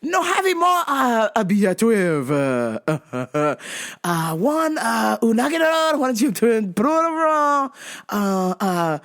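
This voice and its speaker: A woman putting on a fumbling shop clerk with an exaggerated Japanese accent in broken English, halting and full of fillers. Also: a little high, big pitch swings, heavily acted.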